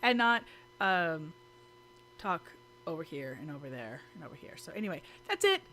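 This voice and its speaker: A woman's voice: low-pitched, big pitch swings, moderate pace, sharp tone, soft background music. A woman with kids, vlogging casually to camera, chatty and giggly with lots of fillers and restarts. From United States. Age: adult with children. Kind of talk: casual talking-to-camera vlog. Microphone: camera mic.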